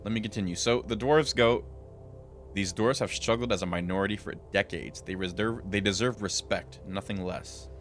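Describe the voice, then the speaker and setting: Streaming a role-playing game, a man with a deep, low voice reads the dialogue aloud at a moderate pace. He voices each character differently and slips in dry remarks of his own between lines, while soft game music plays in the background.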